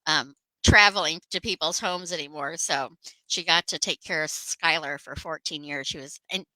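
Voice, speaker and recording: Brief: woman talk-show host, lowish voice, bright tone, dry sound. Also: moderate pace, dry recording, low-quality recording. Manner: rambling storyteller with many fillers. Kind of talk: casual chat.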